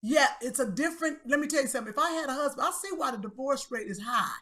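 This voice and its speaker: Middle-aged woman co-host, high voice, sassy and emphatic, slangy. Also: quick pace, fairly bright tone. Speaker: podcast co-host. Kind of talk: casual comedic chat.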